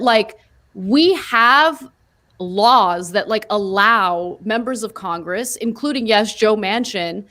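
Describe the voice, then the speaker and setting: A woman's voice: on the high side, a bit bright. A woman co-hosting a political talk show, arguing her points emphatically in casual discussion. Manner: emphatic, argumentative. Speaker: co-host.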